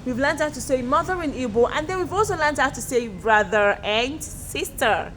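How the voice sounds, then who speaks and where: A woman teaching a playful beginner language lesson, drawing out words slowly and repeating them for learners, recorded outdoors. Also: sits high, lively intonation, a bit bright, a little hiss or hum.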